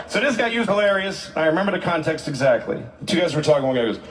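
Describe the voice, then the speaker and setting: A man's voice: sits high, animated, fast. A man doing a stand-up routine, ranting in exasperation and mocking the way people talk. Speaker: stand-up comedian.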